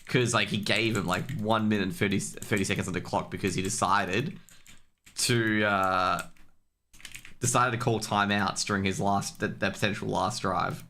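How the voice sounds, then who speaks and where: A young man rambles through a casual stream chat with a low but bright, edgy voice, dropping swear words and tripping over restarts. He gets louder and more worked up when he rants, while keys clatter faintly near his desk mic. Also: steady tone, normal speed. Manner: rambling, profane and loose, many fillers and restarts.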